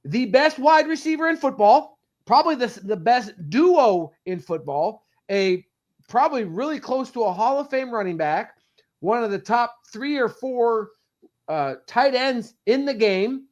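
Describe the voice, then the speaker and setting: A man co-hosting a sports podcast, talking fast and heatedly as a fan in casual chat. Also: extremely high pitch. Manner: animated, ranting fan, quick bursts. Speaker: podcast co-host.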